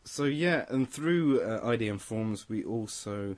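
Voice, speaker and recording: A young male radio host with a slightly low voice talks casually about electronic music with real enthusiasm. He gushes about the tracks he loves and laughs easily with his co-host. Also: lively intonation, unhurried, darkish tone. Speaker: radio presenter.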